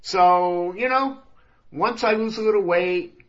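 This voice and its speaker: A man's voice: high-pitched, slow, fairly bright tone, highs cut off, voice pushed up. A man voicing a whiny middle-aged patient with a bad heart who protests and pleads his way out of exercise. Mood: grumbling.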